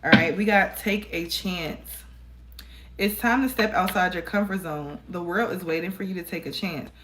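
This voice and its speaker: A woman, her voice sitting a little low, talks through a tarot spread in a chatty, encouraging way and calls her viewers y'all. She records it on her phone, and a faint hiss of background noise sits under her voice. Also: moderate pace, fairly bright tone. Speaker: tarot reader. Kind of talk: casual tarot reading to viewers. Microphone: phone camera.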